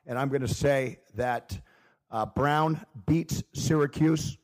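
A man's voice: mid-range voice, a little mellow. A man co-hosting a casual sports podcast, chiming in easily and agreeably. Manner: easygoing, agreeable, quick to chime in. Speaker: podcast co-host.

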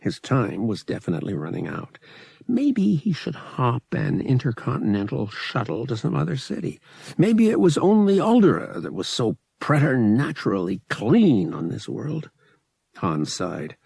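A man reading an audiobook in an expressive, measured scripted narration. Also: mid-range voice, creaky, husky, dry recording, clean studio sound.

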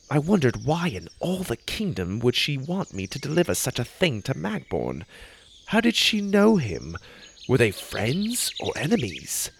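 Expressive male audiobook narrator. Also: mid-range voice, creaky, slight background noise. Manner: expressive, animated reading. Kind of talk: first-person audiobook storytelling.

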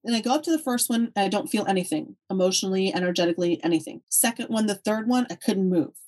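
A middle-aged woman, a podcast guest, telling her own life story in an animated, vivid way. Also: medium pitch, fast talker. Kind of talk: personal storytelling.

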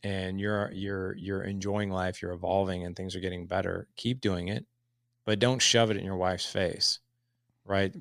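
A man in his forties with a deep voice and a gravelly edge, talking as a podcast guest. He tells stories and puts on the voices of the people he quotes. The sound is dry and close. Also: normal speed, no room sound. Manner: animated storyteller who acts out quotes. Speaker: podcast guest, dad coach. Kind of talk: conversational interview answers.

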